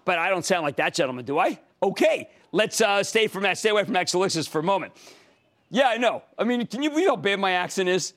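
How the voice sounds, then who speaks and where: A man with a Pennsylvania accent hosting a stock market show, emphatic and excitable, breaking into shouts of enthusiasm. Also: sits high. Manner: emphatic, shouts bursts of enthusiasm, fast and animated. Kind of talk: excitable financial commentary.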